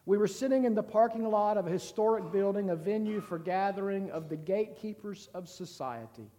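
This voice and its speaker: Man reading a story out slow and somber, mellow high voice, big echo behind it. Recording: long reverb.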